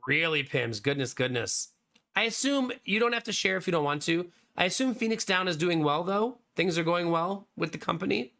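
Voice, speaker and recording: A man in his thirties, slightly hoarse, chatting casually on a live stream and answering viewers by name. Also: high-pitched, animated, moderate pace, pushed and bright. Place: home streaming room.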